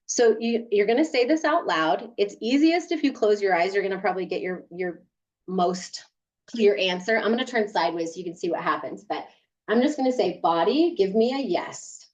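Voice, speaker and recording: A woman guides a group through a gentle exercise and coaches them in an easy, chatty way, laughing often as she goes. Her voice sits at an ordinary middle pitch. The sound is a little dull and lo-fi, like audio from a video call. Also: brisk. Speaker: workshop leader.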